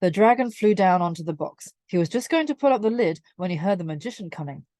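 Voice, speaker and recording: A woman reading a children's picture book aloud in a clear, measured way. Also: on the low side, expressive, warm tone, dry recording. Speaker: storyteller.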